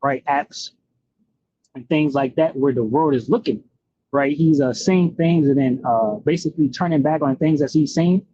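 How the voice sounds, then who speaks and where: A man's voice: a little high, moderate pace, warm tone, slightly rough, highs cut off. Man reading and commenting on scripture. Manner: many fillers and "right?" tags. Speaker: bible teacher.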